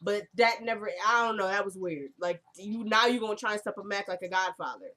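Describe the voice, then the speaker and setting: A woman's voice: mid-range voice, a little fast, pushed and bright. A young woman recapping a TV episode in casual chat, rambling and talking straight to her viewers at home.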